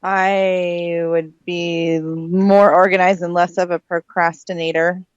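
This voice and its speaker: A woman co-hosting a casual radio chat, wry and quick with dry jokes. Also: fairly low pitch, level tone, clean tone, dry recording, lo-fi sound. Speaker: radio show co-host. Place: restaurant lounge.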